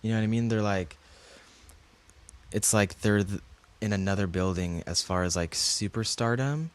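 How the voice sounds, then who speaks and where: A man co-hosting a podcast in casual chat, halting and hesitant with many fillers. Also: on the low side, smooth. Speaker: podcast co-host.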